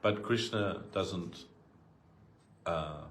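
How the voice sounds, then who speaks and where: A man giving a relaxed sermon through personal anecdotes, talking in an easygoing way with frequent asides. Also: sits low, very slow, a little hiss or hum. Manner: conversational, full of asides, acts out quoted voices. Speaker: devotee giving a talk. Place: temple hall.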